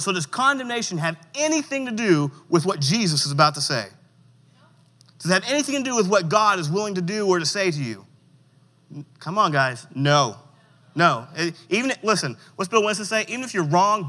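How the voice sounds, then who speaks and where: A man with a high, bright voice preaches to a room of teenagers in a church hall, pressing them to answer out loud. He slows right down to lean into the scripture he reads. A long reverb trails behind every word. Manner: interactive, coaxing audience responses; reads scripture with slow emphasis. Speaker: youth pastor. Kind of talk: sermon.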